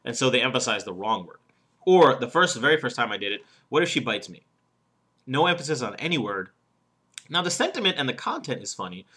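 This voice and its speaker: A man's voice: medium pitch, bright, forceful tone. A man coaching speakers on humor in an instructional video lesson, explaining step by step in an emphatic, demonstrative way.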